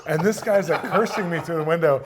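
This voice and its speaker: A man's voice: on the high side, a little fast, a crowd in the background. Man telling a wild story with laughter. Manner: excited, laughs through the telling, acts out voices. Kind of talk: animated storytelling.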